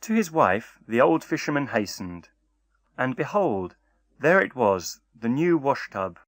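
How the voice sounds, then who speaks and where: Male narrator, storybook reading, unhurried, lively pitch, expressive. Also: no room sound.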